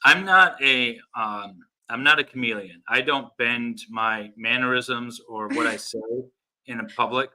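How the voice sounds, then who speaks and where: A man's voice: mid-range voice, a little slow, bright, forceful tone, poor audio. A man in casual chat, earnestly explaining himself.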